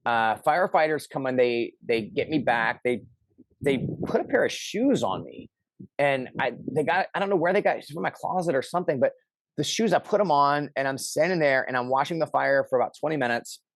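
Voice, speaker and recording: A man's voice: medium pitch, a little fast, no echo. Man telling a story, dry close sound. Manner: animated, acts out quoted lines loudly. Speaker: interview guest. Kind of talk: casual storytelling.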